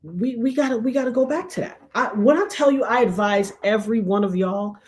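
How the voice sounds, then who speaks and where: Animated woman storyteller on a livestream. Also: fairly high pitch, a little fast. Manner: animated storytelling, acts out quoted voices. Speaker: show host. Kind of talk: livestream commentary chat.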